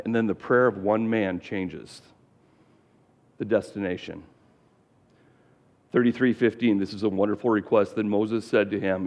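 A man's voice: fairly low pitch, steady tone, normal speed, darkish tone. A male pastor preaching a sermon, telling the story in a plain and earnest way.

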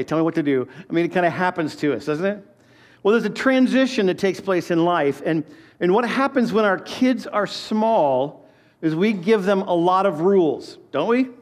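A man in his fifties delivers a sermon with a notably high voice. He keeps it conversational, telling family stories and asking his listeners questions as he goes. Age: 50s. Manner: conversational preaching with personal stories and questions to the congregation. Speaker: pastor.

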